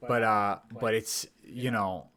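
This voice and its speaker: A man's voice: fairly low pitch, steady tone, takes it slowly, pushed and bright. A man co-hosting a podcast, talking casually and enthusiastically as a fan, rambling with restarts. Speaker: podcast co-host. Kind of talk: casual chat.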